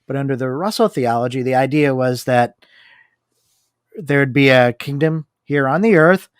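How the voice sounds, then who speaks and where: A man's voice: medium pitch, moderate pace, clear, resonant tone, dry recording, clean studio sound. A man co-hosting a discussion, reading long book passages aloud and commenting on them. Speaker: podcast co-host.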